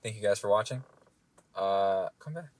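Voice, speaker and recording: A man's voice: fairly low pitch, normal speed. A young man co-hosting a podcast in casual chat, joking, laughing and trailing off mid-sentence. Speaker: podcast co-host.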